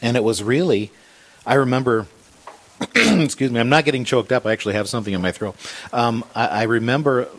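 A man earnestly recounting a painful hospital stay in a conversation about faith, halting and restarting as he talks. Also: medium pitch. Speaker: guest sharing a personal story.

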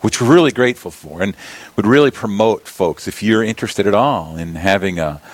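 A man's voice: on the low side, expressive, brisk, no room sound. A man from South Dakota, a deacon, chatting casually in a radio studio interview, rambling with many restarts. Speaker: deacon and abbey representative. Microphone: studio mic with headphones.

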